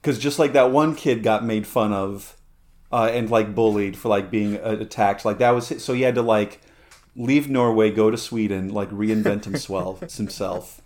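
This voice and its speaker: A man's voice: fairly low pitch, a little mellow. A man co-hosting a podcast in casual chat, rambling with lots of fillers and restarts. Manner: rambling, halting, many fillers and restarts, laughs often. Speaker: podcast co-host.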